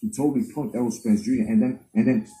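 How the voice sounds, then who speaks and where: Male live-stream host, mid-pitched, heated and profane, repetitive rant delivery. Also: steady tone, fast talker, warm tone, poor audio. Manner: heated, swears constantly, repeats points. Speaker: boxing commentary host. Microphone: live-stream webcam mic.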